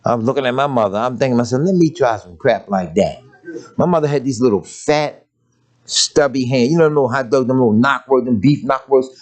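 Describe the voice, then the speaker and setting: A man's voice: medium pitch, fast. An older man preaching a sermon, telling family stories and briefly mimicking the voices of his parents and grandmother.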